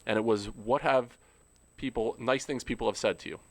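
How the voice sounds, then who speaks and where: A man's voice: mid-range voice, fairly even intonation, moderate pace, creaky, no echo. Earnest swearing male podcast host. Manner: earnest, swears freely, repeats words. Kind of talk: casual podcast conversation.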